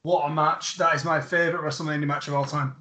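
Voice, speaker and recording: A man telling a story in casual chat, animated and enthusiastic, swearing freely. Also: a little high, fast, roomy sound.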